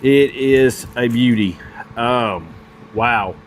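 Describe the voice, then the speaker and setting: A man reviewing pocket knives in a casual vlog, gushing with excitement and filling his talk with ums and restarts. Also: mid-range voice, extremely slow, slight background noise. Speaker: knife reviewer.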